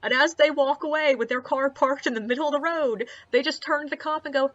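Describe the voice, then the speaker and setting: A woman's voice: high voice, brisk, fairly bright tone, no echo, muffled recording. A young woman, a tour guide, telling anecdotes in a chatty, casual way, peppered with likes, uhs and swearing. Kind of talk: casual storytelling vlog.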